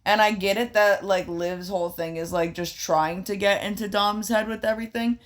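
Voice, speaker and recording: A woman's voice: mid-range voice, steady tone, moderate pace. Sleepy, blunt woman co-host. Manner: sleepy, blunt, swears freely. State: tired, yawning. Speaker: podcast co-host. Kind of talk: casual chat.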